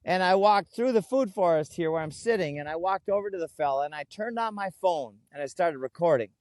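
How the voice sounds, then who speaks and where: A man speaking as an interview guest, telling stories earnestly and slowing right down to stress his key words, recorded outdoors. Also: high-pitched, expressive, darkish tone, no room sound, clean studio sound. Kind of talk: conversational interview. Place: outdoors in a food forest.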